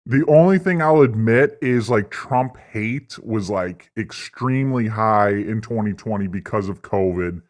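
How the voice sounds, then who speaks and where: A man's voice: fairly low pitch, animated, a little slow, few pauses. A man hosting a livestream, delivering a profane, rambling, mock-earnest political rant. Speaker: livestream host. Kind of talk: satirical political stream rant.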